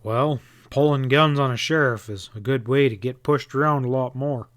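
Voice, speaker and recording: A man voicing a calm, steady frontier sheriff in a western audiobook, speaking quietly and evenly. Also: medium pitch, no echo, lightly acted. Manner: quiet, measured.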